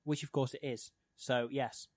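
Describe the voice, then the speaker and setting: A man's voice: medium pitch, fairly even intonation, moderate pace, darkish tone, no room sound. A man co-hosting a comedic chat, dropping dry, wry one-liners. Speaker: podcast co-host.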